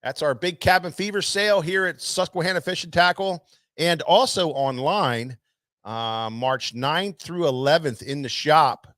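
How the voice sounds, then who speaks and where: A man's voice: fairly high pitch, a little slow, a bit bright, no echo, clean studio sound. A man hosting a live fishing tackle show, calling out viewers by name with lots of energy and loose filler words. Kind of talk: casual live-stream hosting.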